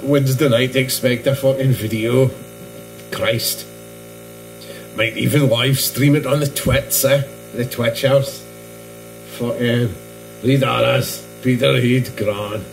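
A middle-aged northeast Scottish man tells rambling, swear-filled stories in a relaxed vlog monologue. His pitch sits in an ordinary middle range, and music plays clearly behind him. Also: slow pace. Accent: Scottish, northeast Doric. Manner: profane, storytelling, heavy swearing. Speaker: hobby painting vlogger.

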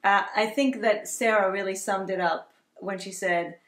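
A woman's voice: mid-range voice, fairly even intonation, normal speed, a bit bright. A woman co-hosting a vlog, chatting enthusiastically and reading viewer comments aloud. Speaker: vlog co-host. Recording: echoey room.

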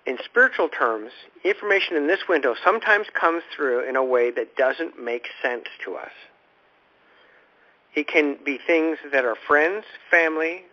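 A man's voice: on the high side, animated, normal speed. Male radio host, informal spiritual teacher, meandering delivery with frequent restarts; muffled lo-fi broadcast. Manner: rambling, repeats words when restarting thoughts. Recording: dull lo-fi radio recording.

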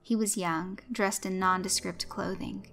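Bright-voiced woman reading a story. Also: medium pitch, steady tone, unhurried. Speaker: narrator. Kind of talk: scripted story narration.

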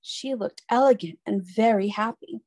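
A woman reads a children's storybook aloud, clear and expressive in her telling. Her voice sits fairly high for a woman, with an easy, steady pace. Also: normal speed.

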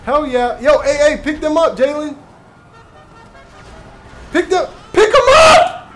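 A man doing Tyrone, a brash loud cartoon guy. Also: very high voice, normal speed, loud music behind the voice, voice pushed up. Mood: rowdy. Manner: rowdy, hollering. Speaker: streamer.

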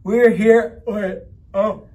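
A man, a pastor, gently explaining ideas to children at a church camp in a rambling, friendly way. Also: high-pitched, steady tone, drawn-out words, dull audio, slight background noise. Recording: mic from far off.

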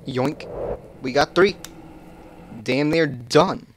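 Jumpy, slow-talking man doing game commentary. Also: a little high, slight background noise. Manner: casual, joking and cursing, jumpy, bursting into loud yelps. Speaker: gaming channel host. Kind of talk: horror game let's play commentary.

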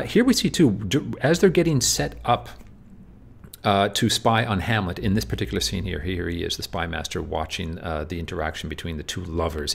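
A man's voice: lowish voice, creaky. A man teaching literature over slides, often asking "do you see?" between points, with many fillers and restarts.

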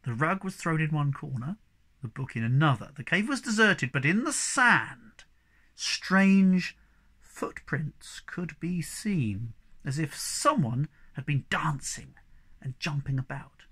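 A reader narrating a children's book aloud in an expressive, varied storytelling manner. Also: mid-range voice, takes it slowly, slightly rough.

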